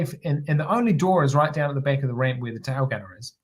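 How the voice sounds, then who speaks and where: A former air force helicopter pilot, guesting on a podcast, tells stories in a casual interview with a New Zealand accent. His voice sits at an ordinary middle pitch and moves at a quick pace, and he rambles easily, tripping over words, restarting phrases, and doubling them up.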